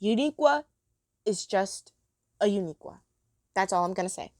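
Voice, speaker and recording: A woman's voice: mid-range voice, expressive, normal speed, a little mellow, no room sound, studio quality. A woman reviewing a cartoon episode in a chatty, rambling monologue, gushing about the characters.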